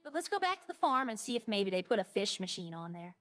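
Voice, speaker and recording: A woman's voice: mid-range voice, very animated, fast talker, fairly bright tone, no echo, faint music behind. A woman streaming a roleplay game, chatting casually and rambling as she plays. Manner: rambling, chatty, trailing off and restarting. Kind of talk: casual streaming chat while playing.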